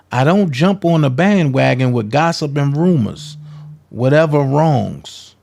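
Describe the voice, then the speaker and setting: Male commentary vlogger, gravelly, confrontational and foul-mouthed. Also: on the high side, unhurried, a little mellow. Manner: profane, heated, calling people out.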